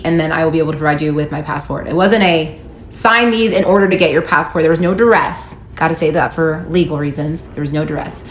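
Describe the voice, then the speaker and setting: A woman telling her own story to camera in a casual, candid and animated way, reading out texts as she goes. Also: lowish voice, a little hiss or hum. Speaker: storyteller recounting her divorce. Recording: echoey room, faint ambience.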